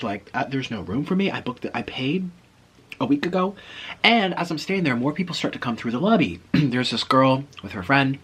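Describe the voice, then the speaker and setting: A man's voice: medium pitch, very animated, moderate pace, pushed and bright, breathy edge. A man telling a personal story in a vlog, acting out the other people's lines as he goes. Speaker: vlogger.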